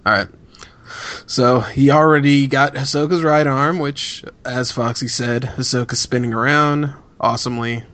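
A man with a mid-pitched voice co-hosts a casual podcast chat. He recaps in a laid-back way, pausing on fillers as he talks. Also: a bit bright. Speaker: podcast co-host.

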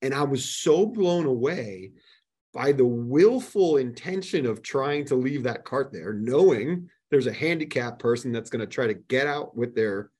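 A man chats as a podcast guest and tells everyday stories with animated energy. His voice is husky and sits at a middle pitch. He talks casually and leans into the moments he retells. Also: measured pace. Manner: animated, retells heated exchanges. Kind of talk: casual storytelling.

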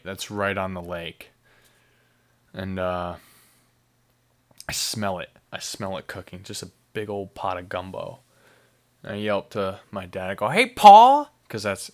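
A man's voice: fairly low pitch, a bit bright. A young man hosting a podcast, reviewing a beer in casual, rambling and profane chat. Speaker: podcast host.

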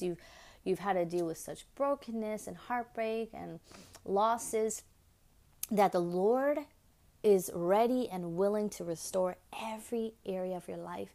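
A woman's voice: mid-range voice, darkish tone. A woman hosting a devotional podcast, talking earnestly and preaching, repeating phrases for emphasis. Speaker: podcast host.

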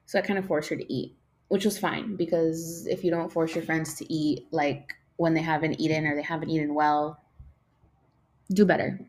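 A woman's voice: low voice, fairly even intonation, normal speed, darkish tone. A young woman hosting a casual podcast, rambling, swearing a lot, losing her train of thought and yawning as she talks. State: yawning, tired. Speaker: podcast host.

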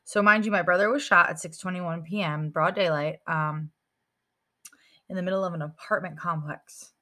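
A woman giving an emotional personal account to an interviewer, halting, with many fillers and restarts. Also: lowish voice, fairly even intonation, pushed and bright. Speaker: interviewee, sister of a murder victim.

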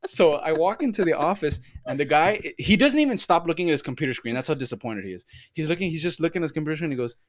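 A male podcast host telling stories with lots of swearing, his pitch swinging widely. The room sound is dry and close. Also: rapid-fire, few pauses, no room sound. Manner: animated, profane, laughing storyteller. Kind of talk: casual storytelling chat.

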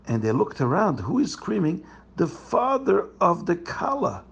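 A man telling a story to children in an animated way, asking his listeners questions. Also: high voice, a little slow, creaky, breathy edge, muffled recording.

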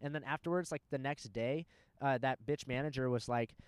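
A man's voice: mid-range voice, brisk, smooth, dry recording. Young man telling profane stories. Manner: animated, profane storyteller. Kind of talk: casual storytelling chat.

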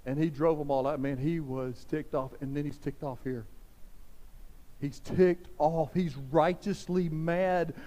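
A man's voice: a little high, fairly even intonation, unhurried, dark tone. A man in his fifties preaching a fervent sermon as pastor, urging his listeners and repeating phrases for emphasis. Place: large church hall. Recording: long hall reverb.

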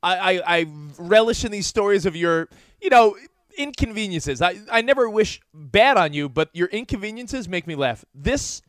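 A man's voice: sits high, expressive, normal speed, a bit bright, dry recording. A man co-hosting in casual banter, teasing and swearing. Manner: laughs often, teasing, swears.

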